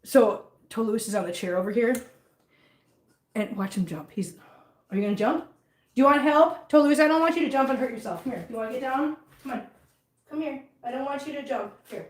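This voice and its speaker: A woman's voice: on the high side, brisk, pauses often, reverberant, a little hiss or hum. A woman vlogging at home about her cats, chatting casually and cooing at the kittens in a sing-song voice. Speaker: cat channel vlogger. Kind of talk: casual vlog chat and baby talk to cats. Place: home living room with hardwood floor.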